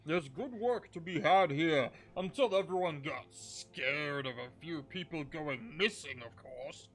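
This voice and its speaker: A blunt, welcoming craftsman host, as a game master puts him on, speaking in a near-everyday voice. Soft music plays behind him. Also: mid-range voice, unhurried, lightly acted. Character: gruff, busy craftsman host man. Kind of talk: role-play in a streamed tabletop game.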